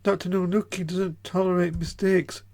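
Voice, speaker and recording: A man's voice: high voice, little pitch movement, moderate pace, darkish tone. A man voicing a nervous female music store clerk in a video game, stammering and trembling as he reads her lines aloud on stream. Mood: flustered.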